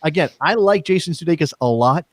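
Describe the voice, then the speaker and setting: Man, podcast co-host, fairly high voice, dry close sound, teasing banter. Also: expressive, a little fast, dry recording. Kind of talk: casual chat.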